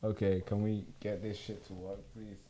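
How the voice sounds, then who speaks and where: A man's voice: on the low side, level tone, moderate pace, dark tone. A man hosting a live stream from home, talking casually and with frustration to his viewers while he fixes his equipment.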